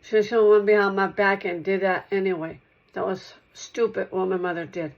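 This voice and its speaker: A woman's voice: medium pitch, little pitch movement, normal speed, muffled recording. A woman talking straight to one listener in a rambling monologue, repeating herself and circling back over the same points.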